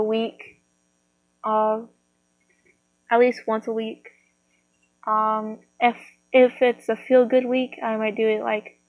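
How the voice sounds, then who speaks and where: A woman's voice: a little high, no room sound, rough recording. A woman chatting casually to her viewers, rambling with lots of fillers and restarts. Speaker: vlogger.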